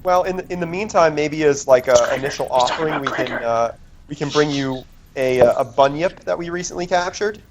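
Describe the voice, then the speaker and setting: A man's voice: fairly high pitch, a little fast, crowd noise, low-quality recording. A man playing a tabletop game, bargaining hesitantly with many fillers. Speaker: player.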